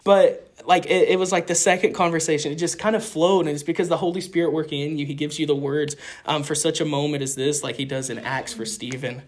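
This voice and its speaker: A young man, a street evangelist, telling stories of his ministry in an earnest, animated way with frequent restarts. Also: on the high side, fairly quick, few pauses. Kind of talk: casual interview storytelling.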